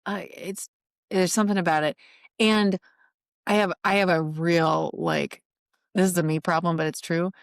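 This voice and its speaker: A woman's voice: lowish voice, steady tone, moderate pace, gravelly, dry recording, studio quality. A woman co-hosting a podcast in casual chat, candid and self-deprecating, often restarting her sentences. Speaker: podcast co-host.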